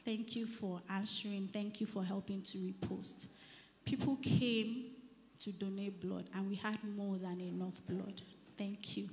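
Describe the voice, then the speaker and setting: An earnest Nigerian woman gives a church testimony, her voice sinking to near whispers and then swelling loud. Her voice carries a long reverb from the church hall around her, with faint noise underneath. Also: mid-range voice, little pitch movement, unhurried. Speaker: church member giving testimony. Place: church service.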